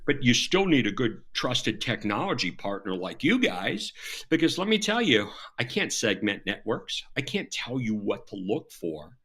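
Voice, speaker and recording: A middle-aged man with a Southern American accent, a former FBI agent telling stories as a guest on a podcast, with sudden jumps in pitch and loudness for emphasis. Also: sing-song, moderate pace. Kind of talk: animated podcast interview.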